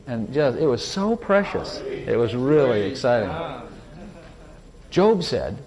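A man preaching a sermon, praying and sharing testimony, who rises in pitch and volume at emphatic points and reads scripture slowly. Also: sing-song, a little mellow. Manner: slow, drawn-out scripture reading.

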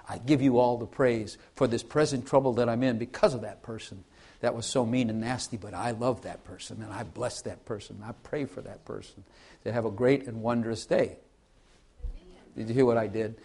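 A man's voice: mid-range voice, a little mellow. Earnest male preacher, conversational sermon. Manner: earnest, conversational preaching with rhetorical questions to listeners; repeats and restarts phrases, varies volume widely.

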